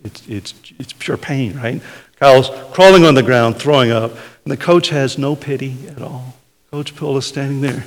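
Gravelly-voiced man preaching. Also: medium pitch, normal speed. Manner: conversational, tags points with "right?". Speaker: pastor. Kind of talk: sermon. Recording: hall reverb.

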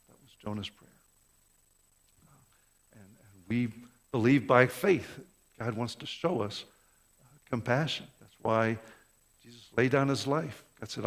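Speaking unhurriedly with frequent pauses, a medium-pitched male pastor gives an impassioned sermon of rhetorical questions and repetition. He's in a church sanctuary, and the sound carries the long reverb of a big hall.

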